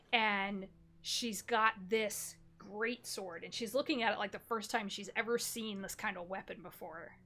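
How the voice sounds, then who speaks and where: A woman narrating a tabletop game as game master, telling scenes slowly with descriptive detail and fillers. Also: medium pitch, pushed and bright. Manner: slow, descriptive storytelling with fillers.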